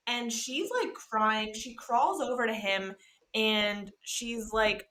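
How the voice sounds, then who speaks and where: This podcast co-host is a young adult woman whose voice is on the high side and a little slow. Recapping a book in casual conversation, she's lively and sweary, acting out the characters' dialogue.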